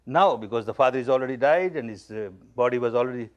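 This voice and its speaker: Through a muffled recording, a mid-range male voice speaks fast. He's from India and teaches spiritually in a spoken discourse, telling stories, stressing his points directly, and returning to key phrases again and again.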